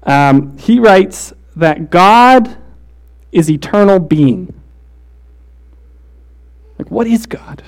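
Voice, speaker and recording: High-voiced man preaching with hushed intensity. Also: expressive. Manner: shifts between fast casual storytelling and slow hushed emphasis; casual fillers like "like" and "right?". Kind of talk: sermon.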